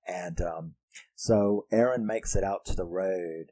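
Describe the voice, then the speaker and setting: Speaking at a measured pace in a warm, deep voice, this man swears his way through a laid-back horror movie review. He keeps laughing and performs lines from the film, doing characters in put-on voices, all on a dry recording.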